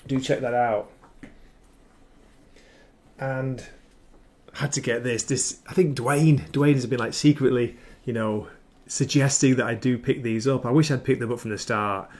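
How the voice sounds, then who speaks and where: Guy streaming from home, chatty and excited, rambles a lot, mid-pitched voice. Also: unhurried, long pauses. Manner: chatty, enthusiastic, rambling asides. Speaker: comic book livestream host. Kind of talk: casual chat. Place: home livestream setup with ring light.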